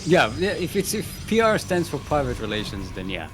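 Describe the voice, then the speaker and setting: Male esports co-caster, middle pitch, animated intonation, dry teasing humor, faint music behind. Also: fairly quick. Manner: laid-back, dry and teasing. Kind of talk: live game commentary.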